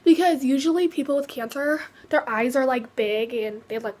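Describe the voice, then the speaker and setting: Casting note: teenage girl with a high voice, halting personal vlog talk. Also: a little mellow. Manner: hesitant, many fillers and restarts. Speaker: vlogger sharing her cancer story. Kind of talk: casual personal storytelling.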